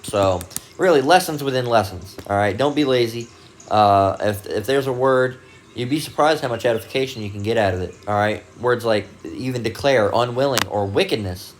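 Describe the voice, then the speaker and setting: A man in a casual Bible teaching monologue, wandering and repeating himself as he reads out word meanings. His voice sits at a middling pitch, and a faint background noise runs under the recording. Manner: rambling, with many fillers and restarts; reads dictionary definitions aloud. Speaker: religious video host.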